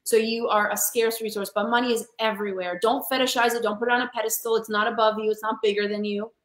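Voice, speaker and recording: Woman, motivational coach, emphatic, fairly high pitch, echoey room. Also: fairly even intonation, quick pace, fairly bright tone. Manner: passionate, emphatic, calls listeners honey. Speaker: sales coach for women, guest. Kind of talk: motivational interview talk.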